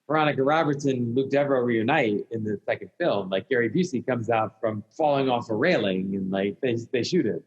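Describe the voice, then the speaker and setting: A man's voice: medium pitch, fairly quick, few pauses, breathy edge. A man being interviewed as a podcast guest, answering hesitantly with lots of "like" and "you know". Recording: dull lo-fi sound.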